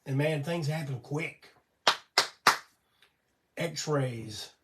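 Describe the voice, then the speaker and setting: Older man hosting a home livestream, gravelly and worn-out voice, a bit high, folksy rambling, mic set back. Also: very slow, far from the mic, heavy background noise. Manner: rambling, folksy, swears casually. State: weak voice from illness and cough syrup. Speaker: host of a weekly live show. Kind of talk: casual storytelling on a livestream.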